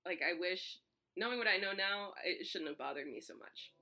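A woman's voice: lowish voice, moderate pace, vocal fry, pushed and bright. A woman talking casually as a guest, chatty and laughing between thoughts. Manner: chatty, lots of fillers and laughs. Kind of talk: casual chat.

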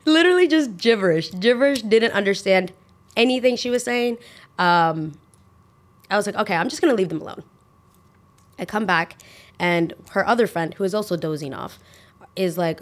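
A woman's voice: mid-range voice, brisk. A young woman hosting a podcast, telling a casual, ranting storytime with sarcastic asides. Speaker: podcast host.

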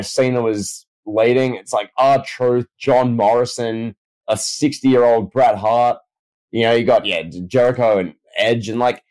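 A man's voice: medium pitch, darkish tone, poor audio. A man co-hosting a casual wrestling discussion, posing rhetorical questions and talking things through conversationally. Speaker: podcast co-host.

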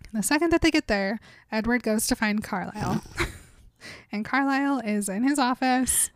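A woman's voice: fairly high pitch, normal speed, no echo. Chatty young woman with a dry close sound. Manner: chatty, laughs often, reads excerpts dramatically. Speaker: podcast co-host. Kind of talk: casual book discussion chat, reading passages aloud.

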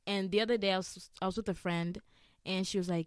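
A young woman hosting a podcast, chatting casually and telling stories fast with many fillers. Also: mid-range voice, steady tone, clear, resonant tone, no room sound, studio quality. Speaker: podcast host. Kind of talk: casual chat.

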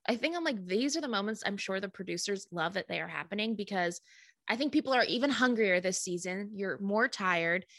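A woman co-hosting a podcast in casual chat, talking in quick restarts and laughing easily. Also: mid-range voice, expressive, fairly bright tone, no room sound, studio quality. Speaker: podcast co-host.

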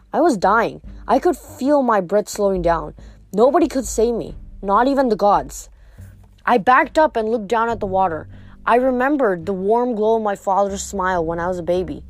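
A woman's voice: medium pitch, animated, normal speed. A woman reading a novel aloud chapter by chapter, with small slips and restarts. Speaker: reader of a novel.

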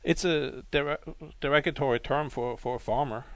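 A man's voice: mid-range voice, normal speed, no room sound. Guest: German man, accented English, easygoing, mid-range voice. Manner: hesitant, laid-back, laughs easily. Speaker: podcast guest. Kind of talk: casual chat.

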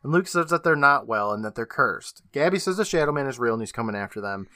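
A man's voice: medium pitch, expressive, pushed and bright, dry recording, clean studio sound. A man co-hosting a podcast, casually recapping an episode and laughing often as he quotes the characters. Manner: retells scenes with quick put-on quotes, laughs often. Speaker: podcast co-host.

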